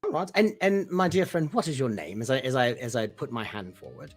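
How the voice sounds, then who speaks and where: Tabletop player with a mid-pitched, very lively voice, hesitant and prone to repeating words. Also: a little fast. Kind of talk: tabletop role-play, in and out of character.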